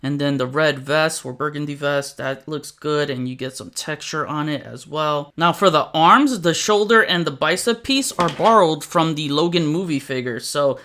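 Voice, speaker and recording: A man's voice: fairly high pitch, moderate pace, hardly any pauses, bright, forceful tone. A man reviewing action figures in a chatty, enthusiastic way. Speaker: toy reviewer. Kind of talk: casual toy review.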